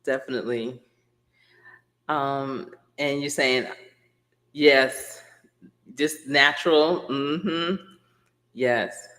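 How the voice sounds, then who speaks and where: A woman's voice: very deep voice, fairly even intonation, very slow, pauses often, fairly bright tone. A woman coach chatting casually on a live stream. She rambles, laughs often and answers her viewers directly.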